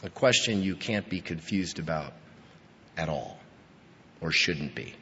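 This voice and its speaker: A man preaching a sermon as pastor, emphatic, rising to stress key points and then dropping low. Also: animated, a little slow, sharp tone, slight background noise. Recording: dull, lo-fi recording with long hall reverb.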